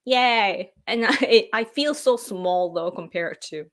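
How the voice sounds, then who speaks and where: A young woman hosting a casual live stream, hesitant, with many pauses and filler words and small laughs. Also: mid-range voice, animated, fairly bright tone. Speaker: livestream host. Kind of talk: casual live-stream recap, reading viewer comments.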